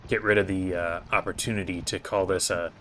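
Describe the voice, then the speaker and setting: A man's voice: deep voice, steady tone, fairly quick, fairly bright tone, soft background music. A man giving casual gameplay commentary as host, thinking aloud in a hesitant way with many fillers. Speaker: gaming video host.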